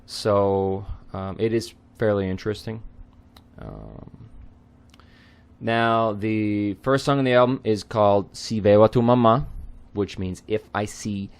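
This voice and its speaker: Slow, low-voiced man explaining lyrics. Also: animated. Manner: unhurried, hesitant with frequent ums and throat clearing. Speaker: Spanish lyrics tutor. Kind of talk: explaining song lyrics line by line.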